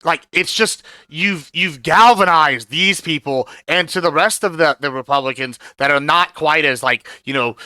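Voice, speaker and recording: A man's voice: fairly high pitch, normal speed, few pauses, bright, forceful tone, no echo. A man from Texas, a guest on a live stream panel, talking in a rambling, hesitant way. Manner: rambling, hesitant, many fillers and restarts. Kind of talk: casual opinion chat on a stream.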